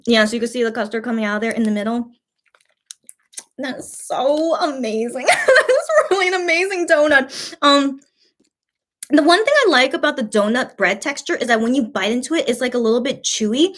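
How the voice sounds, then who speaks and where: A bubbly young woman talks her way through a home mukbang live stream, chatty and loose with lots of fillers. Her voice sits a little high, and she reads her viewers' comments aloud between bites. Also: fast talker, a bit bright. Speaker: mukbang vlogger. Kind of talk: casual live-stream chat.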